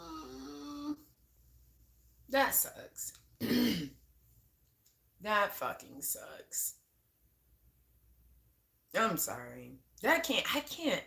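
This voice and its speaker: Animated woman livestreaming in an echoey room. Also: medium pitch. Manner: laughs often, swears casually, chats to viewers. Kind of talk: casual live-stream chat. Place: at home.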